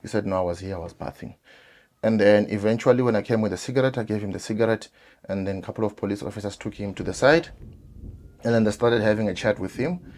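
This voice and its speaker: South african guy telling a story to his viewers, kinda low voice, acts out the quotes. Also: quick pace. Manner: animated, acts out quoted voices, frequent fillers.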